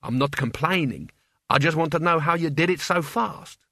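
A man voicing a burly, gruff cafe owner with a raspy, blunt delivery. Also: a little high, normal speed, sharp tone, dry recording, clean studio sound.

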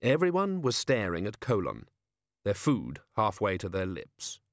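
A man's voice: lowish voice, huge pitch swings, measured pace, dry recording. Male novel narrator, wry dry delivery, very close and dry sound. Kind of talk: audiobook narration.

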